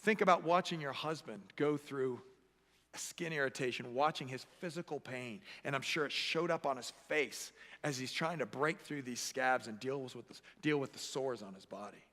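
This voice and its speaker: A man preaching a sermon as pastor, animated and acting out the voices he quotes. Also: medium pitch, moderate pace. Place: church sanctuary. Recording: echoey church hall.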